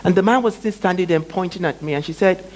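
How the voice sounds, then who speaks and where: A man speaking as a guest presenter tells a personal story, using emphatic, dramatic pauses and wide swings in pitch and loudness. The recording quality is low.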